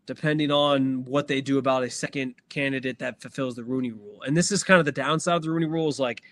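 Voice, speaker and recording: A man's voice: medium pitch, fast, a bit bright. A man co-hosting a sports podcast, chatting casually and rambling through fillers and restarts. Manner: rambling, filler-heavy, self-correcting. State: has the hiccups. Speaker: podcast co-host.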